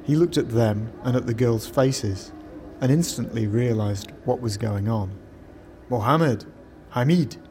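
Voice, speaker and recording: A man narrating a scripted story in a steady, measured way. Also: mid-range voice, noisy background.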